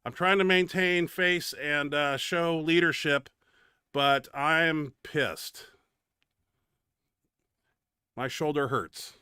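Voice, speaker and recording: A man's voice: fairly high pitch, fairly even intonation, measured pace, hardly any pauses, bright, forceful tone, clean tone, no echo, clean studio sound. A man hosting a bench press show, giving casual, blunt, profane commentary over his training footage. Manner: blunt and profane, grumbling about his own setback.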